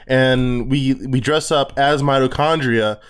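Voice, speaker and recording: A man's voice: medium pitch, fairly even intonation, slow pace, clean tone. A man co-hosting a podcast, telling rambling stories full of fillers and laughing at his own jokes. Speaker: podcast co-host. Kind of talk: casual chat.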